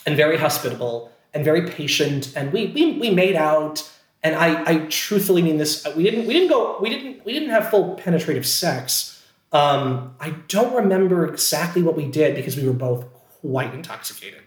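A man, an actor, telling a personal story in casual chat, animated and self-deprecating, full of fillers and restarts. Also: a little high, moderate pace, echoey room. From Scranton, Pennsylvania, USA.

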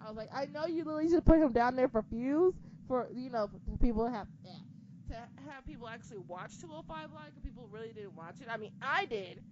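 Foul-mouthed, animated woman ranting. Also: a little high, fast talker. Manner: animated, swears a lot, rants. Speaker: co-host discussing wrestling. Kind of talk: casual chat. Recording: dull lo-fi recording with faint noise.

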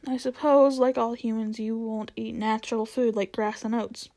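A woman's voice: on the high side, steady tone, moderate pace, mellow, close to an everyday voice. A woman voicing a proud, slightly anxious male talking horse in a storybook reading, with formal, old-fashioned phrasing. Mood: matter-of-fact.

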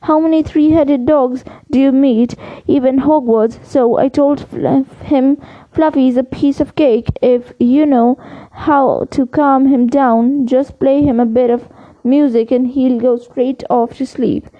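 A woman reading as a flustered gruff groundskeeper. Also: sits high, fairly even intonation, measured pace. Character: big gruff male groundskeeper, blurting. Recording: dull lo-fi recording.

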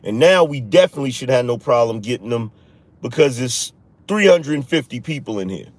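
A man's voice: mid-range voice, lively intonation, fairly quick, no room sound. A man hosting a live-streamed political show, talking straight to his viewers and mocking critics. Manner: talks to viewers, mocks critics in a raised voice. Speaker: podcast host.

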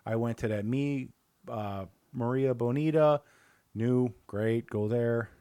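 A man with a Chicago accent, from Northwest Indiana, co-hosts a podcast, chatting casually and animatedly as he tastes beers and goes on rambling plugs for local restaurants. His mid-range voice is slow, clear and resonant, recorded dry.

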